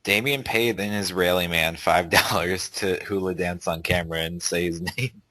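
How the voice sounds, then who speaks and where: A man's voice: deep voice, fairly even intonation, normal speed, bright, forceful tone, no echo. A man hosting a podcast in casual chat, dry and teasing as he steers the topics.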